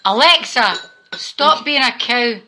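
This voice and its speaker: A woman's voice: fairly high pitch, lively intonation, slow pace, noisy background. A Scottish woman at home in her kitchen, talking casually to a smart speaker and swearing a lot in exasperation.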